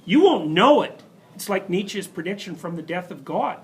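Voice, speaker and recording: Male lecturer, higher-pitched, emphatic and animated, restarts sentences mid-thought, light noise behind. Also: moderate pace. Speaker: university lecturer. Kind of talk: university lecture.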